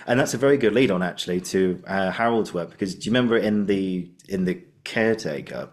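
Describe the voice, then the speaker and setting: A male podcast host chatting casually, excitable, laughing often and jumping between thoughts. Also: low-pitched, brisk, hardly any pauses. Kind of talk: casual conversation.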